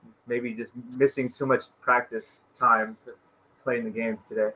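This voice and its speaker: Bright-voiced chatty man. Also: medium pitch, flat delivery, normal speed, poor audio. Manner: chatty, lots of "like", trails off quietly at sentence ends. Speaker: co-host. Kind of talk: casual sports chat on a live stream.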